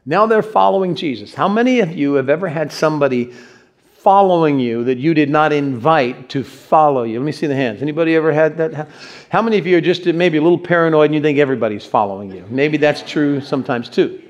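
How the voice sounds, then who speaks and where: A male pastor giving a sermon, telling stories in an animated way and putting questions to his congregation. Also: a little high, quick pace, highs cut off. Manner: animated storyteller, acts out quotes, asks the audience questions. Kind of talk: sermon with personal storytelling.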